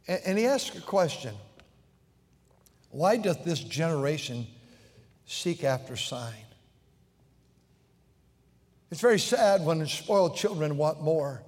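A man preaching a sermon as pastor, swinging between shouted passages and hushed tones. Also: on the high side, normal speed. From United States. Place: large church sanctuary. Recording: long hall reverb in a church.

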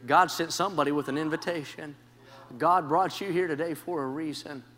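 A man preaching a revival sermon in a church, telling stories with great passion and swinging from hushed tones up to shouts, often leaning on "can I say.". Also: fairly high pitch, fairly even intonation, fairly quick. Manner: impassioned storytelling, swings from quiet to shouting; repeats "can I say" as a preaching cue. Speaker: traveling preacher. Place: church sanctuary. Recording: long reverb of a large church.

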